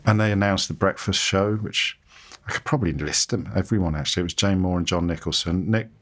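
A man's voice: deep voice, fairly quick, a bit bright. A man, interviewed in a casual chat, telling his career stories in a chatty, self-deprecating way, acting out the voices of people he quotes. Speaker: interviewee, radio presenter.

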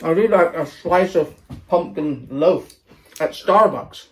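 A man's voice: fairly high pitch, takes it slowly. A man in casual chat, tasting snacks and reading labels aloud in a chatty way. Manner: chatty, lively, reads labels aloud while chewing.

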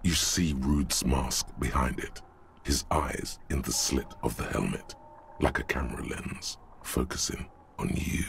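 A man voicing the grim male narrator of a detective game, slow, ominous and vivid. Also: a little hiss or hum, full character voice. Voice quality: deep and gravelly. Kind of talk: dramatic scripted narration.

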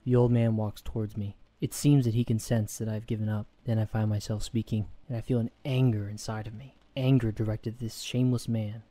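Guy reading a creepy horror story, warm low-key voice, calm and measured. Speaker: narrator. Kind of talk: scripted horror story narration.

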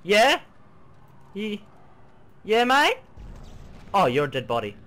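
Playing a horror game, a male gaming creator talks through it casually in a high voice at a slow pace, cursing, crying out at jump scares, and humming or singing along while he plays.

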